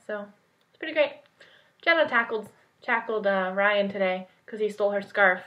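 Chatty young woman vlogger, lo-fi sound. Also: medium pitch. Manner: excited rambling with lots of "like". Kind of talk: casual storytelling vlog. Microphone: point-and-shoot camera mic. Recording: dull lo-fi camera audio.

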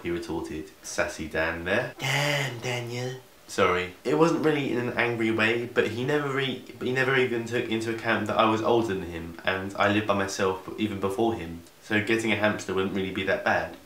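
A man's voice: lowish voice, brisk, a bit bright, reverberant, slight background noise. A young man reading a fan fiction aloud for laughs, cutting in with sarcastic asides, in a room of a house. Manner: sarcastic, interrupts himself with asides. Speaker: vlogger.

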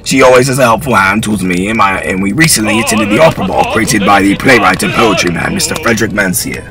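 A man voicing a polite, formal gentleman sailor and proud father, in a storybook reading. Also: lowish voice, fast, natural voice. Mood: courteous.

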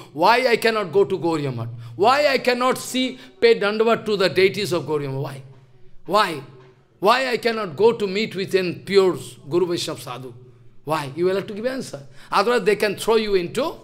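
A man's voice: sits high, fairly bright tone. A man giving a sermon as a spiritual teacher, emphatic and scolding, firing off rhetorical questions.

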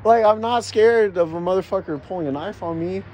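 A man's voice: high voice, brisk, a little mellow, a little hiss or hum. A man filming himself outdoors in a city on his phone, shaken and agitated, rambling and swearing as he keeps circling back over the same points. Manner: agitated, profane, repeats himself. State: shaken, heart racing. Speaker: vlogger. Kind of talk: rambling self-filmed vent.

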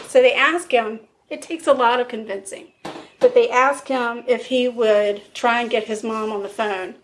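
A woman casually recounting a true crime case as a podcast co-host, acting out the quotes of the people involved. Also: on the high side. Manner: storyteller, acts out quotes with fillers.

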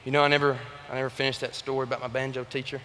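A man's voice: medium pitch, level tone, racing, sharp tone. Earnest young Southern man in an arena. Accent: Alabama Southern US. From Alabama. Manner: folksy storytelling, earnest. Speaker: youth organization officer. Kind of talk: motivational speech. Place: large arena. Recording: reverberant arena sound.

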